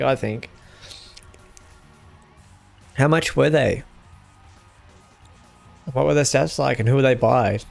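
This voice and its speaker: A young man streaming a game and chatting casually with viewers in a relaxed, easygoing way. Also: mid-range voice, vocal fry. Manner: relaxed, chatty, answers chat with small laughs. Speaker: gaming streamer.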